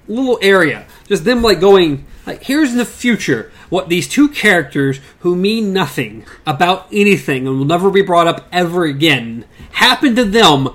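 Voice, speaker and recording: A co-host in a casual book discussion podcast who reads passages aloud and adds animated commentary. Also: mid-range voice.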